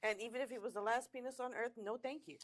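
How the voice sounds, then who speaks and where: A woman's voice: fairly high pitch, steady tone, fast. A woman on a casual podcast panel who cuts in with blunt, profane quips. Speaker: podcast co-host.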